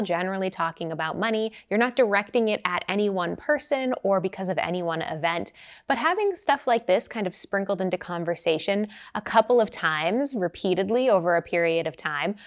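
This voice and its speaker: A young woman giving casual money advice to camera, chatty and lively as she acts out quoted lines. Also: medium pitch. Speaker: personal finance educator.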